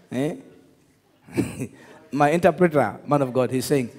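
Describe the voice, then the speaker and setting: A man preaching a sermon, telling stories with laughter and shouting out to his congregation. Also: medium pitch, unhurried, long pauses. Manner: animated storytelling, laughs, shouts to the crowd. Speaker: pastor. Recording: echoey hall with long reverb.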